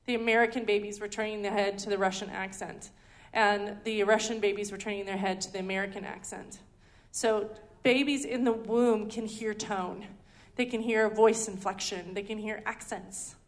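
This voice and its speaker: A woman's voice: mid-range voice, steady tone, moderate pace, hardly any pauses. A woman giving a conversational teaching talk at a ministry school, chatty and full of ums and restarts. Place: indoor teaching hall.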